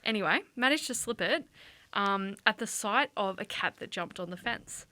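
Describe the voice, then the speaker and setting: A woman co-hosting a youth radio podcast in a studio, telling stories in a giggly, animated way. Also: mid-range voice, moderate pace, dry recording. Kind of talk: casual chat.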